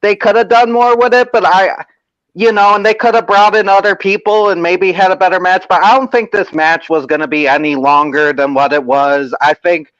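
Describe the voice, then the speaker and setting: A man's voice: high-pitched, fairly even intonation, moderate pace, a bit bright, no echo. Man on a dull, dry lo-fi mic. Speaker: podcast co-host. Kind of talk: casual chat.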